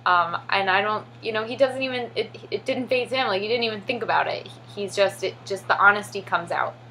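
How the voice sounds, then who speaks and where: A young American woman who teaches English in Korea chats in a casual vlog, full of fillers and "like," and acts out her pupils' voices when telling stories. Her medium-pitched voice is brisk, bright and forceful. The rough recording carries a little hiss or hum.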